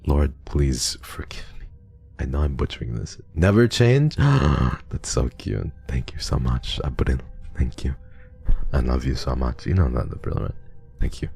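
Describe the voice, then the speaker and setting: A man streaming, chatting casually and reading donations with a halting, stammering, heartfelt manner. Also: extremely low pitch, animated, creaky, mellow, slightly rough, faint music behind.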